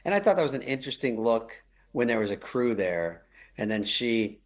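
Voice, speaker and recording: Comic guest, middle-aged man, dry wry delivery with lively swings in pitch. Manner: wry, deadpan, quick jokes with mocking quoted voices. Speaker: comedian guest. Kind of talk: storytelling chat.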